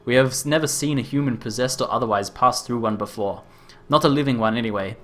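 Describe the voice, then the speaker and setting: Brief: streamer doing a hammy Aussie mad scientist, eccentric and cackling, read aloud from game text. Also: male voice, mid-range voice, fast talker, a bit bright, natural voice. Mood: cheery rambling. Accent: over-the-top Australian stereotype. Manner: exaggerated, cackling quest-text reading. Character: eccentric male scientist and inventor, gleeful and reckless. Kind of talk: reading game dialogue aloud in voices.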